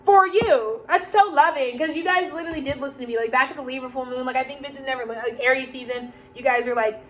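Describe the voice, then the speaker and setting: A woman's voice: high-pitched, fast talker, hardly any pauses, rough recording. A woman giving a rambling, profane spoken tarot reading, laughing often and acting out the people she quotes. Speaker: tarot reader.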